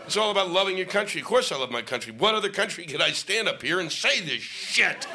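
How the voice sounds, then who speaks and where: A man's voice: high voice, expressive, fast talker, crowd noise, noisy background. A middle-aged male stand-up comic on stage, ranting in a sarcastic, profane way. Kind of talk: stand-up comedy set. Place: comedy stage before a live audience.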